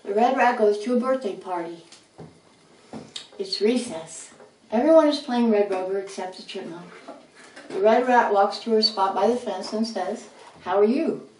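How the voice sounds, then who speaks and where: A woman reading a children's storybook aloud in steady, unhurried narration. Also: medium pitch. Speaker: storybook reader. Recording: roomy, distant, faint noise.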